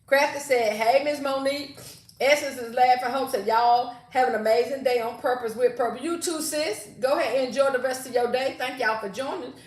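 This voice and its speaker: Woman livestream host, slightly high voice, reads viewer comments aloud and greets people by name, echoey room. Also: a little fast. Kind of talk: casual livestream chat.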